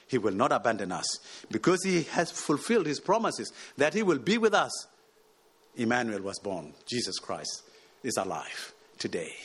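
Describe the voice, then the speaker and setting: Husky man preaching a lively sermon. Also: mid-range voice. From South Sudan. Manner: preaching with rising exhortations and rhetorical questions. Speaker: pastor.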